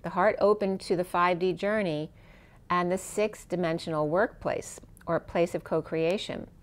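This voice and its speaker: A woman with a slightly low voice walks through a spiritual tarot reading. She speaks softly and meanders, letting her phrases trail away, and her voice is wearing thin. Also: steady tone, normal speed. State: losing her voice. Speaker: tarot reader.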